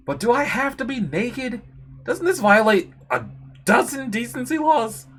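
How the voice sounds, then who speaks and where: A woman's voice: a little high, very animated, slow, a bit bright, full character voice. Woman doing a flustered young warrior man. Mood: exasperated. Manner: exasperated, embarrassed.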